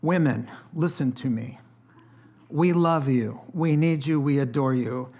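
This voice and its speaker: A man's voice: medium pitch, measured pace. A middle-aged man preaching a sermon as pastor, telling joking stories and laughing often. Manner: animated, joking storytelling with frequent laughter. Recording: dull sound with faint background hiss.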